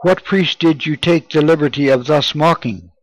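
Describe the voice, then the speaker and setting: A man's voice: a little high, normal speed, no room sound, lightly acted, rough recording. A man reading the part of a haughty parish priest who presses a boy with questions. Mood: stern.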